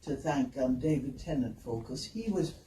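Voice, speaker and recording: A woman's voice: extremely low pitch, moderate pace. An older woman with a London Kensington accent telling anecdotes on a convention panel, laughing often and acting out what people said. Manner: lively storyteller, laughs often, acts out quotes. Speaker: panel guest, actor. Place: convention hall. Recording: roomy hall, distant mic, noisy.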